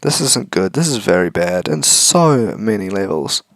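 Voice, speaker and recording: Gravelly man with offhand jokey asides. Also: low-pitched, big pitch swings, unhurried, no echo. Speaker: gaming video host. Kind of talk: casual commentary while reading a visual novel aloud.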